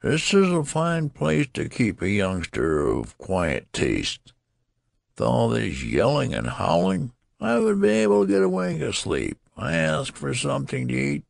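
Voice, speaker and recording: A man's voice: huge pitch swings, a little slow, vocal fry, no echo, studio quality, full character voice. A man voicing a cranky newborn in an old man's body, with a weak, whining voice. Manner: complaining, shrill protest.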